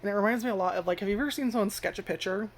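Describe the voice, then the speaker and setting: A woman's voice: mid-range voice, rapid-fire, slight background noise. A woman giving casual first-impressions commentary on an anime, rambling with lots of filler words and frequent swearing. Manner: animated, jumps into loud acted-out reactions. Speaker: anime reviewer.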